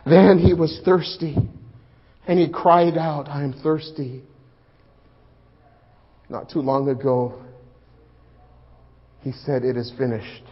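A man playing a grieving male disciple in a dramatic first-person sermon, swelling loud for the crowd and sinking hushed and low. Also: fairly even intonation, slow, pauses often, husky. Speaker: preacher in first-person monologue. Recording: muffled lo-fi recording.

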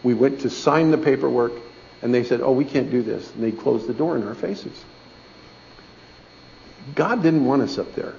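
Gravelly middle-aged man telling a church story. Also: medium pitch, animated, normal speed, pauses often, darkish tone, slight background noise. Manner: folksy, conversational, asks "okay?" often. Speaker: speaker giving a testimony in church. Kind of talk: storytelling sermon. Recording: dull lo-fi recording.

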